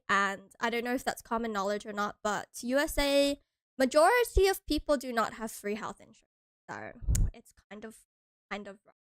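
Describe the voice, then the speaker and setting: Giggly high-voiced American woman streamer. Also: a bit bright, clear, resonant tone, no echo. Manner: playful, giggly, chatty with viewers. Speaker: vtuber streamer. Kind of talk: casual chat stream.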